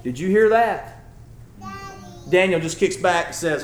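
A man preaching in a relaxed, folksy way, then rising into emphatic, fervent passages. His voice sits high for a man, and the sound carries the echo of a church room. A faint background hum sits under the whole recording. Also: fairly quick. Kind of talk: sermon.

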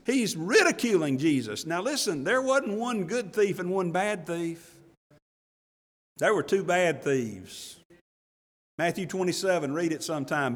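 A man preaches in a high, light voice, folksy and animated, chuckling between points. He quotes scripture in old English wording. The long reverb of a church hall trails behind every line. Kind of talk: sermon.

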